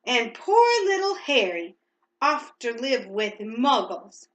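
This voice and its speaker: Sobbing giant man, stammering, soft-hearted, woman reading aloud, storybook voice, higher pitch. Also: very animated, slow, highs cut off, heavily acted. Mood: tearful.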